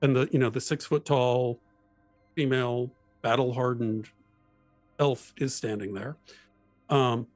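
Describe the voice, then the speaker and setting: A man in casual chat about tabletop role-playing, animated, explaining and acting out voices. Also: medium pitch, unhurried, long pauses, no room sound, faint music behind.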